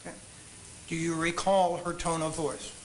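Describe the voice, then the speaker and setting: A man examining a witness in a courtroom, asking measured, polite, leading questions. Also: a little high, level tone, a little hiss or hum, poor audio. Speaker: trial attorney questioning a witness.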